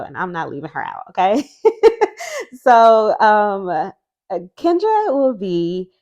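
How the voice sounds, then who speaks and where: A woman's voice: mid-range voice, highs cut off. A woman vlogger chatting casually and rambling as she reviews tarot decks, laughing often and restarting her sentences. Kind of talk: chatty casual video response.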